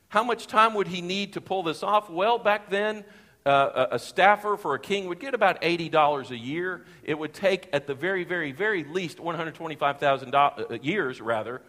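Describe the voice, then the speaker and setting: A man's voice: on the high side, fairly bright tone, in a large hall. A man preaching a sermon with emphasis, repeating key phrases and putting questions to his congregation. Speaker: pastor.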